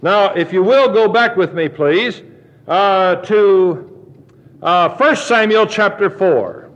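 A man preaching a sermon, reading scripture aloud slowly and deliberately. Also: sits high, expressive. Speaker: pastor. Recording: dull lo-fi sermon recording.

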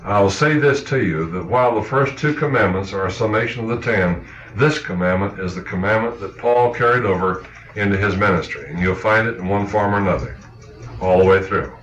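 A man preaching a sermon, talking earnestly with halting restarts and acting out quoted thoughts. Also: fairly low pitch, a bit bright. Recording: echoey, muffled old sermon recording.

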